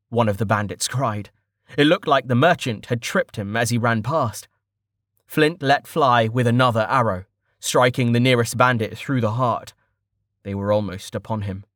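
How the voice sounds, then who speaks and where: A man reading a fantasy novel aloud in steady, scripted narration. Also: mid-range voice, dry recording, studio quality. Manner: steady storytelling. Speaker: audiobook narrator.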